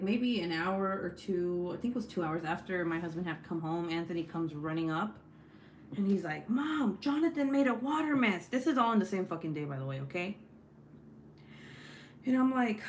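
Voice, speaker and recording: Profane, animated young woman telling stories. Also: fairly low pitch, slight background noise. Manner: profane, animated, acts out quotes. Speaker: craft vlogger. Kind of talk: casual storytelling chat.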